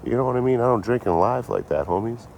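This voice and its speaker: There's a creaky, darkish tone to this man's medium-pitched voice, and he talks fast over slight background noise. A little drunk, he rambles casually on a livestream from his phone, cursing often and exchanging sarcastic jokes with viewers.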